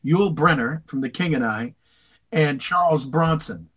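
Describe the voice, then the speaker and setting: An older man, a voice actor, answering interview questions in a rambling, animated way, slipping into voices. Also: on the high side, unhurried, husky. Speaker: voice actor guest.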